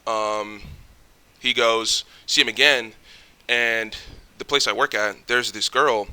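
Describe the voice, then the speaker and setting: In a storytelling reaction vlog, a man tells a casual, rambling tale with heavy swearing and plenty of fillers. His medium-pitched voice is steady, slow, sharp and clean.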